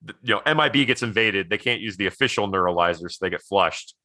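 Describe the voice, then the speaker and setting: A man with a low, forceful voice chats casually as a podcast co-host. He rambles through recaps with plenty of "like" and laughs easily. The sound is close and dry. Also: animated, quick pace, no room sound. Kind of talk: casual movie chat.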